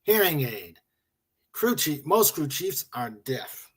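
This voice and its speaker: A man's voice: a little high, sing-song, slow pace, fairly bright tone, breathy edge. A man hosting a casual stream, reading memes and jokes aloud, chuckling and muttering to himself. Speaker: livestream host.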